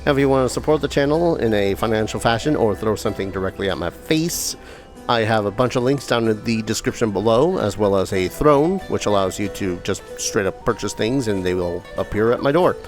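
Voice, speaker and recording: A man's voice: on the low side, expressive, a little fast, faint music behind. A man hosting a let's play, giving casual, rambling gameplay commentary with joking asides. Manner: rambling, joking asides, reads game text aloud.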